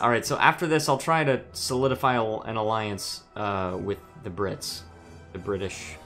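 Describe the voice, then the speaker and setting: A man's voice: medium pitch, animated, normal speed, a bit bright, faint music behind. A man streaming a strategy game, musing aloud with hesitant restarts while reading chat messages.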